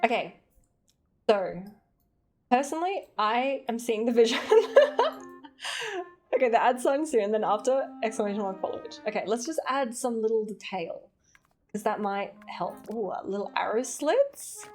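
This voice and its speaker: A woman's voice: on the high side, lively intonation, normal speed, pauses often, a little mellow, faint music behind. Chatty Australian woman livestreaming. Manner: chatty and playful, swears lightly, laughs often. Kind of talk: casual livestream chat, reading chat aloud.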